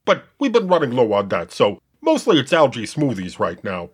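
An earnest, cheerful sea creature warrior, baffled by life on the surface. His husky voice leaps wildly up and down in pitch. It comes from a comedy audio play. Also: wildly swooping pitch, normal speed.

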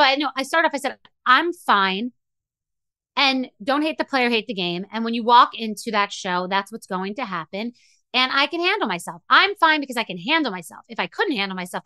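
Bright-voiced woman in emotional podcast monologue. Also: on the high side, clean tone, dry recording. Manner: emotional, rambling storytelling with many restarts. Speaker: podcast host. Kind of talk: candid monologue.

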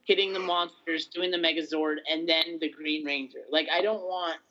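A man's voice: on the high side, fairly even intonation, normal speed, pushed and bright, lo-fi sound. A man co-hosting a podcast in casual chat, talking hesitantly and filling his speech with "like" and "um". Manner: hesitant, full of "like" and "um". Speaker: podcast co-host.

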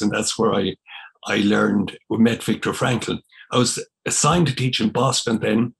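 With some vocal fry, an elderly Irish priest recounts a lengthy story from his own life during a conversation. He's lively throughout, pitching higher when quoting his own words.

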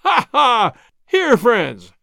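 A man voicing a boastful, mocking rich man who brags loudly about himself in a storybook reading. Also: high voice, big pitch swings, normal speed, gravelly, no room sound, studio quality, voice pushed up, full character voice. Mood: bragging. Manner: swaggering and mocking, laughing at others.

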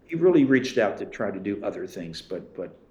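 A man's voice: fairly low pitch, big pitch swings, brisk, warm tone. A man speaking as a guest expert in a casual conversation, telling stories emphatically. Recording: roomy echo.

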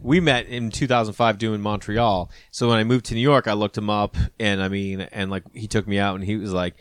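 A man's voice: lowish voice, steady tone, a little fast, clean tone, dry recording. A man in his thirties or forties, a comedian hosting a podcast, chatting casually and rambling as he acts out the people he quotes. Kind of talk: casual conversation.

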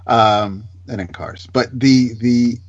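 A man's voice: mid-range voice, steady tone, slow pace, muffled recording. A man co-hosting a podcast in casual chat, hesitant and stammering as he talks. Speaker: podcast co-host.

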